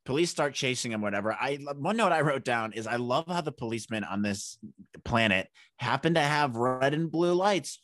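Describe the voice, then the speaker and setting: A man co-hosting a podcast in casual chat, joking and animated, often laughing and jumping his pitch up for emphasis. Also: moderate pace, no room sound, studio quality. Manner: joking, animated, jumps into silly voices and laughs. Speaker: podcast co-host.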